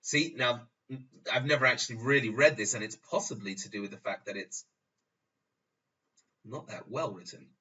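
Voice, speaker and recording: A man's voice: mid-range voice, moderate pace, long pauses, bright, forceful tone. A man talking casually through a screen-recorded tutorial, rambling and restarting his phrases as he explains. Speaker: tutorial host. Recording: dull lo-fi sound, distant from the mic.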